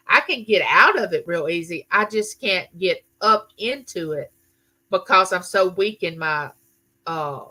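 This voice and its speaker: A woman's voice: mid-range voice, bright, forceful tone. A middle-aged woman, telling a story in a casual live chat and answering viewers. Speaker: livestream host.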